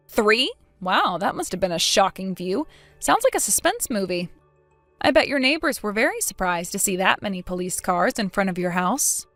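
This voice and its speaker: A woman's voice: medium pitch, sing-song, moderate pace, pushed and bright, dry recording, soft background music. Sarcastic, accusing woman reading a texting story. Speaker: narrator voicing the daughter-in-law.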